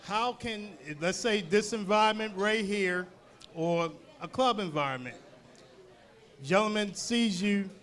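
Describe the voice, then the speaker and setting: Male podcast host, high voice, easygoing questions. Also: unhurried. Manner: relaxed, joking questions with "you know" fillers. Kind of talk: casual podcast chat.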